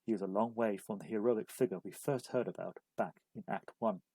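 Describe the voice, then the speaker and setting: A man reads a scripted study-guide lesson in a measured, even way. His voice is mellow and a little husky, and the recording is dry and close. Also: fairly low pitch, dry recording, rough recording. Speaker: literature explainer. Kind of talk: scripted narration.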